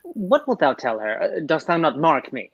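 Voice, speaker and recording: A woman's voice: low-pitched, big pitch swings, moderate pace, breathy edge, no echo, muffled recording, full character voice. A woman playing an earnest young male lover in a Shakespearean stage drama, declaiming. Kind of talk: Shakespearean stage acting over video call.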